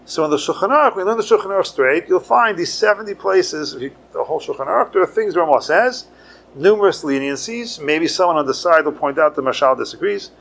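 Gravelly-voiced rabbi teaching a class. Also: male voice, on the high side, fast talker. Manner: conversational teaching, lively with sudden emphasis. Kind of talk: Torah lecture.

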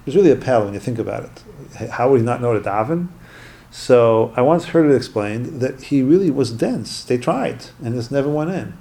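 Gravelly man telling a story lesson. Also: medium pitch, expressive, quick pace, dark tone. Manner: retells the tale with musing asides. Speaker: teacher.

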